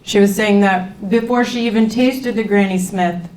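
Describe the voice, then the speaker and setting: A woman's voice: medium pitch, steady tone, moderate pace, darkish tone. A woman leading a nutrition class, talking informally to a group and repeating their comments back to them. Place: community class room.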